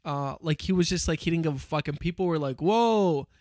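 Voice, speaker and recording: A man's voice: on the high side, steady tone, quick pace, no echo, clean studio sound. A young man in casual podcast chat, telling stories in a rambling way with lots of fillers and restarts.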